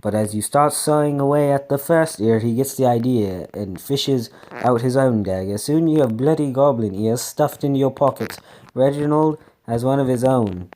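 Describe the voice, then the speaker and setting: A man's voice: mid-range voice, normal speed, dark tone. A man casually reading a solo adventure gamebook aloud, stumbling over words and breaking off for chatty asides.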